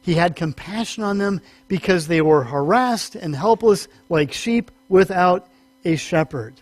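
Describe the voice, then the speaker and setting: A man with a somewhat high voice teaches scripture from the pulpit in a talky, self-correcting way. His voice climbs when he presses a point. The recording is dry and close, with a faint mains hum underneath. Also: lively intonation, unhurried, dry recording. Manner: conversational, self-correcting, rises in pitch for emphasis. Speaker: pastor. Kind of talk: sermon teaching.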